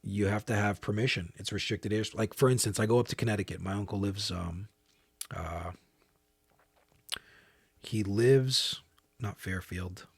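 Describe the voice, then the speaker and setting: New man, podcast co-host, husky voice, dry close sound, rambling casual chat. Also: fairly low pitch, a little slow, long pauses, no echo. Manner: rambling, restarts and trails off into asides.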